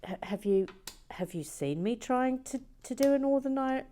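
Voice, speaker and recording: A British woman chatting playfully in a soft, often half-whispered voice as she builds in a chilly garden shed. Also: medium pitch, animated, moderate pace. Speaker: video host building toy bricks. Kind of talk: relaxed build-along chat.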